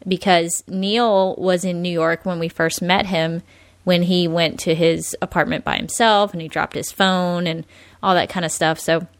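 A woman's voice: lowish voice, dry recording. Chatty woman podcast host, dry sound. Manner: chatty, laughs often, many likes and ums. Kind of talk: casual podcast discussion.

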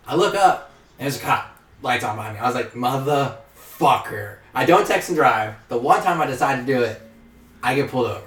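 A man's voice: medium pitch, fast, far from the mic. A young man casually telling stories to friends, swearing freely and acting out what people said. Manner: profane, animated, acts out quotes. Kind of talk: casual storytelling among friends. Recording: roomy sound, a bit off mic.

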